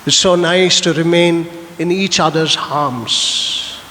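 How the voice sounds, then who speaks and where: A priest voicing a calm young husband in a sermon anecdote, soothing his frightened wife. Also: fairly high pitch, slow, long reverb tail, slight background noise, pitched below the performer's own voice. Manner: soothing, gentle.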